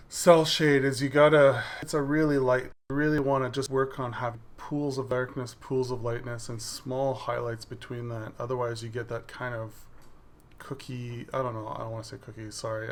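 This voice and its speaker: A man's voice: medium pitch, vocal fry. A man casually narrating over a video of his digital drawing, explaining each step as the work plays on screen. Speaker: digital artist.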